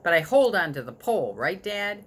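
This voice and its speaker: A woman's voice: fairly low pitch, very animated, moderate pace, slightly rough. A woman reading a storybook aloud, voicing a curious young boy who is eager and full of questions.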